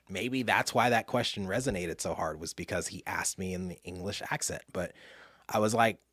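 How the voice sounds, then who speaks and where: Low-voiced guy telling his life story, goes hushed then loud, dry close sound. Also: moderate pace, breathy edge, no room sound. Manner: animated, jumps from hushed to loud mimicry. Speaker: speaker and author. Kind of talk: personal storytelling talk.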